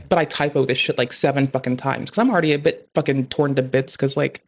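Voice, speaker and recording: A streamer letting off steam on a live stream, talking in a loose, rambling way packed with swearing. The voice sits at an ordinary middle pitch, and the talk jumps from one gripe to the next. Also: fairly even intonation, fast talker, hardly any pauses, slight background noise. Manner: profane, rambling, heavy swearing; frequent filler "like" and "bruh". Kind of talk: casual venting rant.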